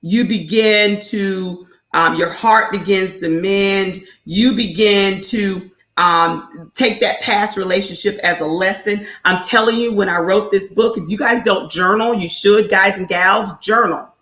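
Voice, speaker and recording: A woman's voice: mid-range voice, measured pace, few pauses, a bit bright. Emphatic woman coach in an echoey room. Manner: emphatic and repetitive, drives points home with "okay?"; preachy, faith-based encouragement. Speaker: host and life coach. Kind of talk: live motivational talk to viewers.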